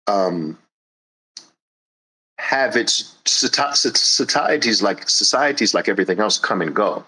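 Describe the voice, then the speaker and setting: A man hosting a show, giving a blunt, forceful monologue with swearing for emphasis. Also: fairly low pitch, rough recording. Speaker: host. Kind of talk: impassioned monologue.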